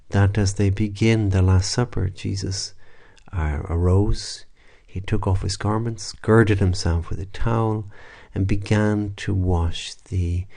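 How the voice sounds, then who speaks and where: A man, a priest, leading a spoken prayer meditation in a reflective, unhurried way, with soft asides and restarts. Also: on the low side, gravelly.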